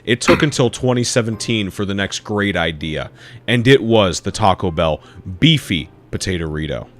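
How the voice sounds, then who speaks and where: A man's voice: fairly low pitch, animated, moderate pace, fairly bright tone. A man co-hosting a podcast in casual comedic chat, speaking in a mock-solemn, profane way. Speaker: podcast co-host.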